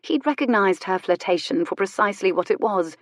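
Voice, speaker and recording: A woman narrating a historical romance audiobook in a measured, expressive way. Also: medium pitch, no echo, studio quality. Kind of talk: scripted narration.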